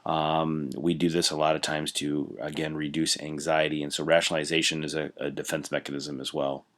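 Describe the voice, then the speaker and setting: Scrolling through notes on a computer mic, a man with an extremely deep, slightly bright voice teaches a recorded class a little fast and completely flat. He stays conversational, using everyday examples and plenty of small fillers.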